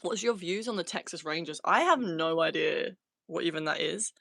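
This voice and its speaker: A woman's voice: fairly low pitch, normal speed, gravelly, fairly bright tone, no room sound. British female livestream host, loose and giggly, reads chat aloud, dry voice with no room. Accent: British English. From Britain. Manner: laughs often, loose and swears casually. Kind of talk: casual live chat answering viewer comments.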